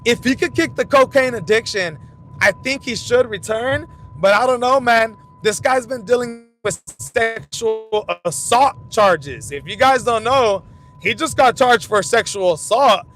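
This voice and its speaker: A man's voice: animated, measured pace, fairly bright tone. A young man hosting a fight commentary channel, telling loose, profane stories in rambling casual talk while he drives. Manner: rambling storytelling, loose and profane, frequent restarts. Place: in a car while driving. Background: vehicle rumble.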